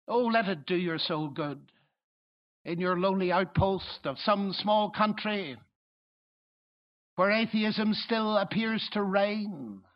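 Male preacher, high voice, emphatic sermon delivery, muffled lo-fi recording. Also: slow pace. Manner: emphatic, swelling to loud exclamations. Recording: dull lo-fi recording.

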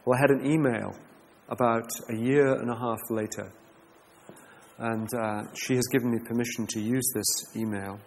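A man teaching a class, earnest and measured, reading a letter aloud and reflecting on it. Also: medium pitch, steady tone, a little mellow. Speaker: teacher leading a class discussion. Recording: echoey hall with faint background noise.

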